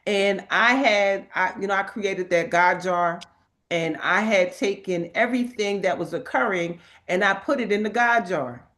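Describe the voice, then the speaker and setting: Animated laughing woman host. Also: medium pitch, unhurried. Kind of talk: spiritual talk and card reading.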